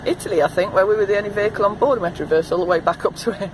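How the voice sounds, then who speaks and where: A woman, giving a chatty, animated walk-through of a ferry trip for her travel vlog. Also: medium pitch, background noise. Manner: chatty, animated, quick to laugh. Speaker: travel vlogger. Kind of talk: casual walk-through commentary. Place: ferry car deck and cabin.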